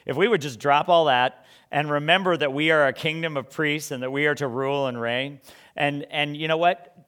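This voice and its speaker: A man's voice: a little high, normal speed, a bit bright, clean tone. A man preaching a sermon in a conversational way, full of rhetorical questions and stumbling restarts.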